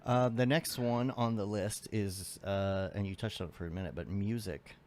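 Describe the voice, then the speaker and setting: Man, podcast host, low voice, casual rambling chat, loose trailing sentences. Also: moderate pace, a little mellow, slight background noise. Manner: rambling, trails off and restarts thoughts.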